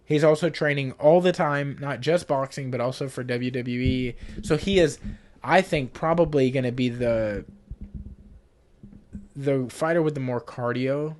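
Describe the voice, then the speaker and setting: A man's voice: mid-range voice, measured pace, a little mellow. Laid-back young male podcast co-host. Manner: laid-back, swears casually, laughs often. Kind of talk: casual chat.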